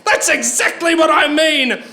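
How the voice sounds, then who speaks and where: A man's voice: extremely high pitch, unhurried, sharp tone, echoey room, pitched above the performer's own voice, heavily acted. An Australian man voicing a bullying male security interrogator who barks and scorns. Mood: scornful. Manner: barking, scornful.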